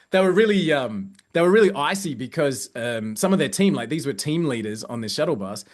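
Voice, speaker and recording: Chatty Australian man telling stories. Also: a little high. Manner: lively, chatty, many fillers and restarts. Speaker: company growth director. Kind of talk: casual anecdotal storytelling.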